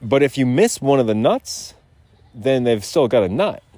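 A man's voice: medium pitch, very animated, normal speed, darkish tone, dry recording. A man hosting a podcast outdoors, rambling in loose, profane, digressive casual chat. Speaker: podcast host. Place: outdoors on a rural lot.

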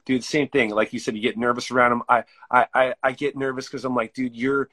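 A man of middling pitch talks in an easygoing, chill way. He swears casually as he chats with his guest. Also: level tone, fairly quick, pushed and bright. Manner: laid-back, swears freely. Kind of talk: casual chat.

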